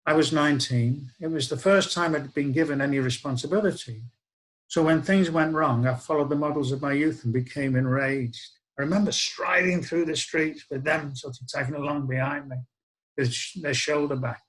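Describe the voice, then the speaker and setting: A man's voice: a little high, moderate pace, a bit bright, low-quality recording. An older man tells a personal story. His delivery is wry, reflective and conversational, like spoken-word storytelling. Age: 60s.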